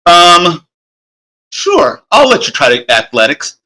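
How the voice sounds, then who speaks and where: Bright-voiced man running a tabletop game. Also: sits high, wildly swooping pitch. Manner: halting, many fillers and restarts. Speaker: game master.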